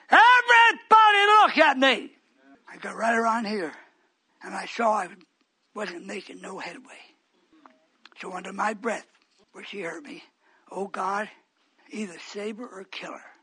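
Bright, husky preacher man telling a story. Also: high-pitched, steady tone, measured pace, long pauses. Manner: swings from quiet asides to shouted outbursts. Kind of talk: storytelling sermon.

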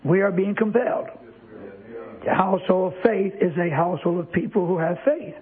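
A man's voice: high-pitched, moderate pace. A male preacher giving an emphatic sermon. He repeats words for stress and keeps asking the congregation rhetorical questions. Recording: tinny lo-fi, phone-like sound.

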